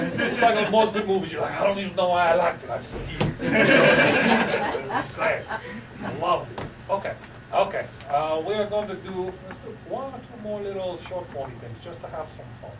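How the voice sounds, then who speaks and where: A man's voice: high-pitched, expressive, moderate pace, crowd noise. A man hosting a live improv show, chatty and coaxing, laughing often as he sets up games. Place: small improv theater stage. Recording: roomy, distant, noisy live recording.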